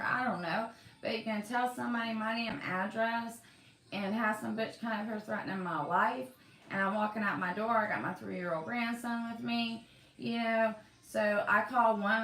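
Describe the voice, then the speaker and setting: An older woman with a drawl rants bluntly about a grievance, swearing freely as she talks. Her voice sits at a middle pitch. She sounds a little distant from the mic in a roomy space at home. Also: a bit bright. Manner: blunt, profane, venting. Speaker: vlogger. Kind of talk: angry ranting vlog.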